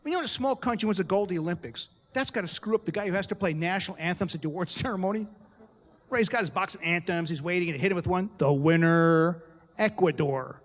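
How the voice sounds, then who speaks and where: With a voice that sits high and is a bit bright, a middle-aged American man performs a stand-up comedy set on a club stage in a large hall. He keeps his delivery punchy and throws quick asides to the audience.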